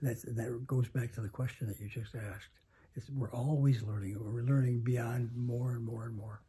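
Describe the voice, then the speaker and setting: A man in his nineties telling a story slowly, halting with many pauses and restarts. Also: medium pitch, fairly even intonation, mellow, breathy edge. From United States. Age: 90s. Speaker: interview guest. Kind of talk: reflective storytelling. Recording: home interview.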